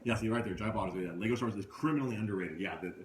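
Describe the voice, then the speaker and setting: Racing along in a fairly low voice, the host records his podcast live in a comic book shop, reverberant and with a crowd in the background. He chats casually, bringing funny scenes to life with animated voices.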